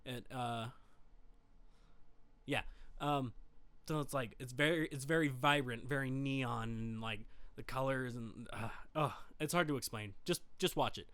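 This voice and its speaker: A man's voice: medium pitch, a little slow, a bit bright, clean tone, no room sound. A young man from Utah co-hosting a podcast, rambling and hesitant, laughing easily. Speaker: podcast co-host. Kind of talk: casual chat.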